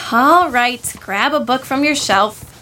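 A woman's voice: high voice, slow pace, pushed and bright, full character voice. A woman playing a dry, tired teenage older sister in a radio drama. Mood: weary.

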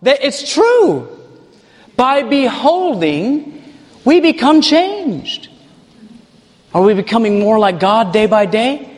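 Male preacher, high voice, animated sermon delivery, reverberant hall. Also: takes it slowly, pauses often. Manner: animated, mocking put-on voices for examples.

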